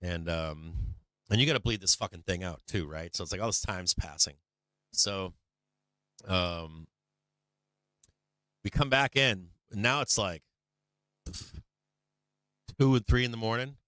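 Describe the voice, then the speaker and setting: Low, bright-voiced man rambling casually. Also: measured pace, pauses often, dry recording, clean studio sound. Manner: rambling, profane, lots of fillers. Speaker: stock market stream host. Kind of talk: casual live-stream storytelling.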